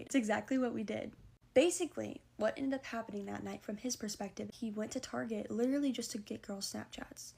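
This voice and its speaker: A young woman telling a storytime vlog, rushing through her retelling and filling it with "like". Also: on the high side, steady tone, gravelly, mellow, breathy edge. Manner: fast, breathless retelling full of "like".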